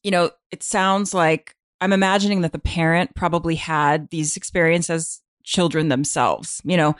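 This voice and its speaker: Lower-voiced woman hosting a podcast. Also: fairly even intonation, normal speed, dry recording, clean studio sound. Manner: warm listener, frequent backchannels and laughter. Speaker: podcast host. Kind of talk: casual interview.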